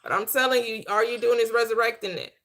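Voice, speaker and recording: Female host, AAVE lilt, bright and emphatic, preachy rhythm. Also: on the high side, steady tone, quick pace. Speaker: host, manifestation coach. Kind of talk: motivational talk show chat.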